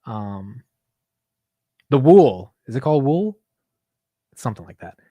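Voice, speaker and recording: A man's voice: mid-range voice, sing-song, a little slow, dark tone, dry recording. A young man hosting a casual stock market livestream, chatting loosely, swearing and laughing at himself while reading chat aloud.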